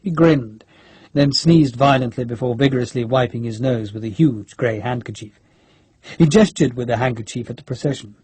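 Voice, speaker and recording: Husky guy reading a novel aloud, steady pace, dry close mic. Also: mid-range voice, normal speed, dry recording. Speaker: audiobook narrator. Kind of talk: scripted narration.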